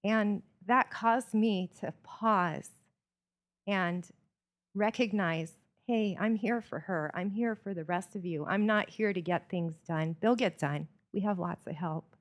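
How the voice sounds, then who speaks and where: A woman's voice: mid-range voice, slow pace. A woman preaching a sermon in a church, telling stories with earnest, varied emphasis.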